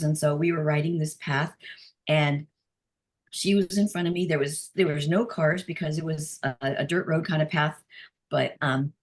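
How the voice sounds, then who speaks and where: A middle-aged woman, a healing practitioner, telling personal stories in a casual group chat, animated and laughing often, with many restarts. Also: lowish voice.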